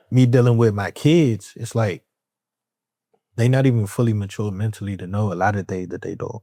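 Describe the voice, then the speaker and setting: A man with a lowish, mellow, warm voice, speaking as a podcast guest in a frank, streetwise way and constantly checking in with his listener. The sound is close and dry, with no room around it. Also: moderate pace, no room sound. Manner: streetwise talk, keeps asking "you know what I'm saying"; animated and laughing when talking about friends. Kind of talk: candid conversation.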